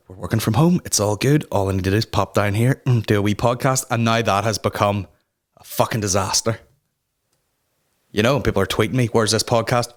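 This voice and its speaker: Young male podcast host, mid-pitched, sweary comic rambler, recorded at home. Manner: sweary, rambling, self-mocking. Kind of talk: casual comedic rant. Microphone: talking to a camera.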